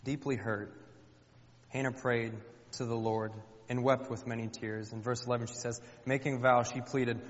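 A man's voice: medium pitch, level tone, normal speed. A man preaching a sermon in a conversational way, often putting questions to his congregation. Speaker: pastor. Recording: dull sound with long hall reverb.

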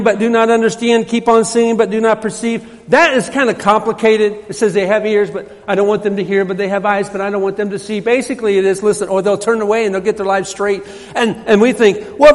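A man preaching a sermon in a church, emphatic and repetitive, his voice rising when he quotes scripture. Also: high voice. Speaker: pastor. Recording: hall reverb.

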